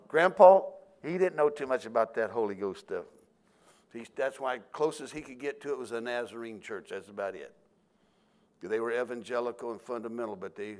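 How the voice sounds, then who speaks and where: Older male pastor, folksy storyteller, acts out voices mid-sermon. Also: medium pitch.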